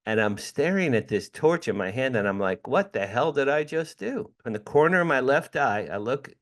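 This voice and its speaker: A middle-aged man, a guest in an interview, telling a personal story with animated, dramatic delivery. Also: medium pitch, moderate pace.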